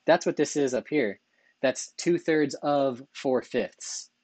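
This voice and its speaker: Slowly and in a medium-pitched voice that's darkish and slightly rough, a man presents a math lecture over slides on a dry recording. He stays enthusiastic, corrects himself a lot, and keeps checking in with a rhetorical "right?"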